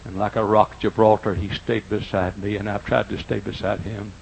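An older man preaching a folksy sermon in a church, swinging from quiet asides to loud, drawn-out emphasis, with a husky voice. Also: lowish voice, level tone, a little hiss or hum, poor audio. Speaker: pastor. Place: church auditorium.

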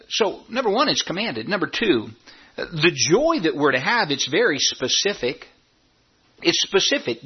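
Male pastor, high lively voice, sermon delivery, lots of rhetorical questions. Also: breathy edge, highs cut off. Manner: animated preaching with repeated phrases and rhetorical questions. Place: church sanctuary.

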